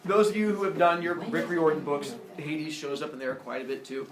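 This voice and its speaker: A man's voice: fairly high pitch, steady tone, brisk, a crowd in the background. A man teaching a class, lecturing in a playful, joking way. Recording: echoey classroom from far off.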